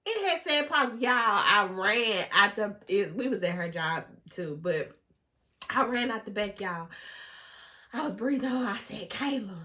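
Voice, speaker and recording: A young woman telling a casual storytime vlog, animated and often laughing, talking straight to her viewers. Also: mid-range voice, measured pace. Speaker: vlogger.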